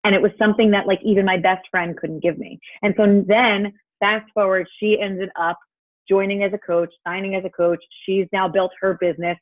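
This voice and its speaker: A woman's voice: mid-range voice, flat delivery, moderate pace, dry recording. A woman telling a story on a group video call through an earbud, chatty and full of fillers and quoted dialogue. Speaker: team member sharing a story. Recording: tinny phone-like call audio.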